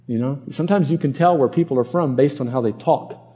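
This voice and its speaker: A man's voice: mid-range voice, a little fast, warm tone. A male pastor from Arkansas preaching a conversational sermon and acting out the people in the passage.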